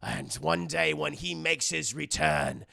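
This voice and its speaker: A man voicing a solemn old male pirate rat elder who speaks slowly and gravely. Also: expressive, sharp tone, no room sound, clean studio sound, heavily acted. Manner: slow, grave, deep.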